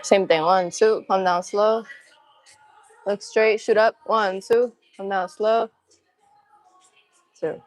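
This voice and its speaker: A woman's voice: mid-range voice, steady tone, slow, pauses often. A young woman live-streaming her gym workout, a little out of breath, chatting casually and counting reps and form cues between sets. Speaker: fitness streamer.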